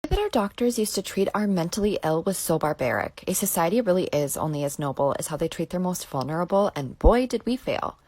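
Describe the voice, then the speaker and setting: A woman narrating a short video clip with lively, emphatic delivery. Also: fairly low pitch, quick pace, hardly any pauses.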